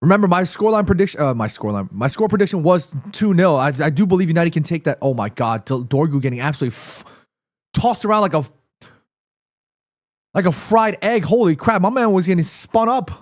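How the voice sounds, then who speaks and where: Excitable stuffy-nosed male football streamer. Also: fairly high pitch, fairly quick, no room sound, clean studio sound. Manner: excitable, reads chat aloud and answers viewers. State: stuffy nose. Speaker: watchalong streamer. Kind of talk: live football watchalong commentary.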